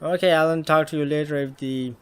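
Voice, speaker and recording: A man's voice: a little high, steady tone, a little fast, clean tone. A man giving casual let's play commentary between read-out game lines, with swearing asides. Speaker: gaming YouTuber.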